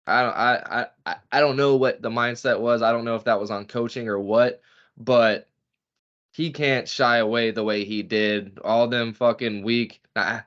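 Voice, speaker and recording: A man's voice: medium pitch, fairly even intonation, normal speed, fairly bright tone. A man co-hosting a casual sports podcast rants with plenty of profanity. His voice sits in an ordinary middle register. The audio is dull and lo-fi. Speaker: podcast co-host.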